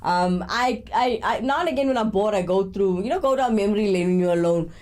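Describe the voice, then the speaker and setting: A woman's voice: medium pitch, brisk, a little mellow. A woman hosting a live morning show, talking in a chatty, reflective way with frequent fillers. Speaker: host. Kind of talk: casual morning show chat.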